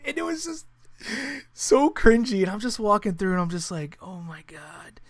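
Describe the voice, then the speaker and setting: A man co-hosting a podcast, telling stories in a casual, animated way, swearing freely and acting out what people said. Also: sits high, normal speed, dry recording. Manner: animated storyteller, swears freely, acts out quotes. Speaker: podcast co-host. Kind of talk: casual storytelling chat.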